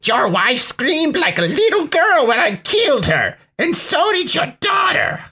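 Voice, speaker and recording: A shrieking villainous drug lord. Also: male voice, very high voice, wildly swooping pitch, measured pace, pushed and bright, voice pushed up, heavily acted. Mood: gloating. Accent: put-on thick Spanish accent. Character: sneering male drug lord villain, shouting.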